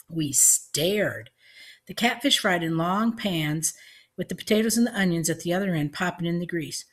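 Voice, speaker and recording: A woman reading an audiobook, narrating with measured storytelling. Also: lowish voice, animated.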